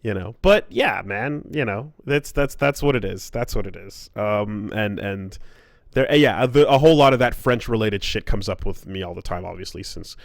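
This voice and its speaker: Podcast co-host, male, Quebec English accent, gravelly, dry close sound, loose rambling delivery. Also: lowish voice, lively intonation, normal speed, dry recording. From Quebec, Canada. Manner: rambling, many fillers and restarts. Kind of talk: casual chat.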